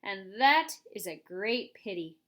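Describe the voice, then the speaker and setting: A sarcastic earthworm read by a woman speaks in a slow, dry, deadpan voice. This is a grumpy storybook creature. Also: mid-range voice.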